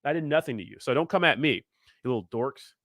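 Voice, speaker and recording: A man's voice: medium pitch, lively intonation, fast, fairly bright tone, dry recording, clean studio sound. A young man hosting a crypto livestream, ranting in a fired-up way and answering viewers, often asking "you know what I mean". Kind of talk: live stream chat, reacting to viewers.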